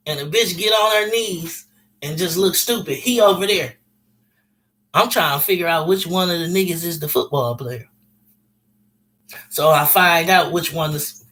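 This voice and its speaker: A man's voice: sits high, pushed and bright. A man telling a personal story casually, in blunt, profane street slang.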